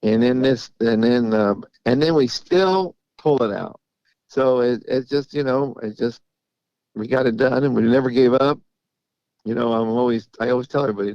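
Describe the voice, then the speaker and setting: Gravelly middle-aged man, halting storyteller. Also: medium pitch, a little mellow, no echo. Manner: halting, repeats words, laughs while telling stories. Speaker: racehorse trainer. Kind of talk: casual interview storytelling. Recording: dull lo-fi audio.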